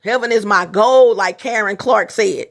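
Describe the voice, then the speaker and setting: A woman's voice: mid-range voice, a little slow. Middle-aged woman rambling to her viewers. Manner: repetitive, restarts often, talks straight to viewers. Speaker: vlogger. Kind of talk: casual rambling monologue to viewers.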